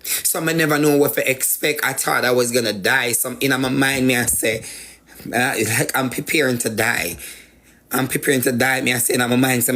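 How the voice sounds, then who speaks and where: A man's voice: medium pitch, steady tone, normal speed, bright, forceful tone. A man with a Jamaican accent tells a personal story as a guest, repeating phrases for emphasis. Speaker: guest sharing life story.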